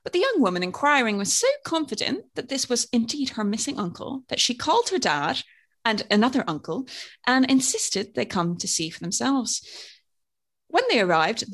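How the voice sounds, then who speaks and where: A woman's voice: mid-range voice, fairly bright tone. A woman co-hosting a podcast, telling a story with wry, dry asides. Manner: wry, dry jokes, reads out the story details. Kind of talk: casual chat with storytelling narration.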